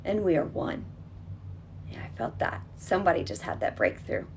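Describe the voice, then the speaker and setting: A woman's voice: fairly low pitch, big pitch swings, moderate pace, creaky, a little hiss or hum. A woman leading a guided healing exercise, talking in an emphatic, repetitive coaching manner that is reassuring and direct.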